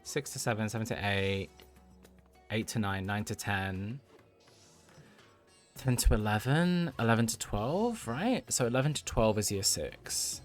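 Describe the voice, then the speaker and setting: A man's voice: on the low side, expressive, measured pace, long pauses, soft background music. A man in his thirties, a livestream host telling a story to his chat, talking casually and laughing often. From United Kingdom. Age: 30s.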